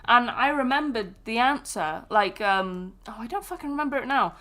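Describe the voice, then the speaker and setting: A woman's voice: a little high, expressive, normal speed, fairly bright tone. A young woman from England, telling sweary, rambling travel stories in casual chat on a stream. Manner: chatty, sweary storytelling.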